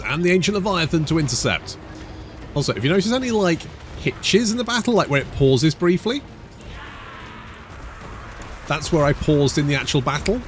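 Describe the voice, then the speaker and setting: A British man casually commentating a strategy game, chatty and rambling with joking asides. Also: medium pitch. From Britain. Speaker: gaming YouTuber. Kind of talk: casual let's-play commentary.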